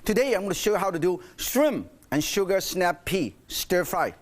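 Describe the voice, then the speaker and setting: A man's voice: high-pitched, sing-song, normal speed. An older man hosting a cooking demonstration in a TV studio kitchen, exuberant and playful, speaking broken English. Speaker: TV cooking show host.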